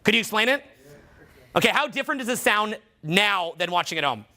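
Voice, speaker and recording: A man coaching a live workshop in front of students, talking in an animated way and acting out loud demonstration voices as he explains. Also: high voice, brisk. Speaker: vocal coach.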